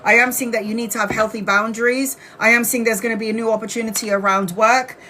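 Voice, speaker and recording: A woman's voice: on the high side, steady tone, fast talker, pushed and bright, a little hiss or hum. A woman doing a casual live-stream tarot reading, blunt and chatty, with the odd swear word. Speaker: tarot reader.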